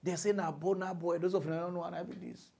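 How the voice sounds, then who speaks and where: A man's voice: high-pitched, fast, creaky. A man with a Nigerian Pidgin accent hosting a mock news show, delivering a mocking comic monologue. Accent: Nigerian Pidgin English. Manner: animated, mocking, breaks into shrieking impressions. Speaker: comedy news host.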